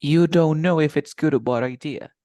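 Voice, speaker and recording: A man's voice: a little high, moderate pace, mellow, no room sound, clean studio sound. A man teaching English one-to-one online, patiently repeating example phrases.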